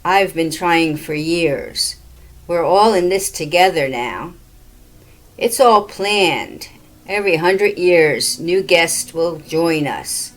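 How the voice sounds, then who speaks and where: Woman doing a low, resigned young ghost man.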